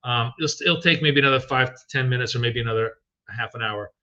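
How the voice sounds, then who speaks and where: A man's voice: medium pitch, quick pace, pushed and bright, lo-fi sound. A middle-aged man hosting a live trading stream, chatting casually and rambling with many ums and restarts.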